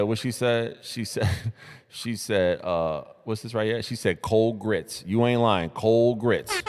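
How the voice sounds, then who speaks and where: A man's voice: fairly low pitch, big-room sound. Hyped New man hosting a live stream. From New York City. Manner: hyped, slangy, repeats greetings and shout-outs. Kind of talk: casual live-stream chat reacting to social media posts.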